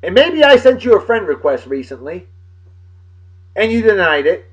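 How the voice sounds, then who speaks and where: A man hosting his own casual webcast, rambling and crude and quick to get riled. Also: high-pitched, big pitch swings, breathy edge, lo-fi sound. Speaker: show host.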